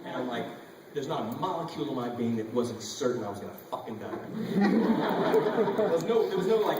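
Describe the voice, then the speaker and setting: Animated, profane man in an echoey hall. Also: medium pitch, a little fast. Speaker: panel guest actor. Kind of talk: convention panel storytelling. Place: large convention hall. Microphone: audience camera far from stage. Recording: echoey hall recorded from far off with noise.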